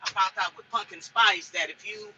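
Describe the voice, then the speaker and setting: A woman's voice: mid-range voice, normal speed, bright, forceful tone, dull audio, slight background noise. A woman truck driver chatting in a casual cooking vlog from inside her truck cab. She rambles and repeats herself as she talks.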